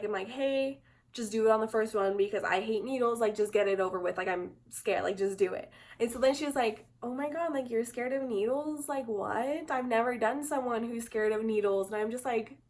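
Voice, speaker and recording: Chatty young woman saying "like" nonstop. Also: on the high side. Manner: chatty, says "like" constantly. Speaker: vlogger. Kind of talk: casual storytime.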